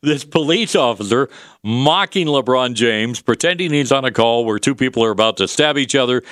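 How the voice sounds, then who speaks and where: A male talk radio host giving conversational commentary, pausing often on fillers. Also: mid-range voice, expressive, fairly bright tone, dry recording, clean studio sound. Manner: conversational, with frequent filler pauses.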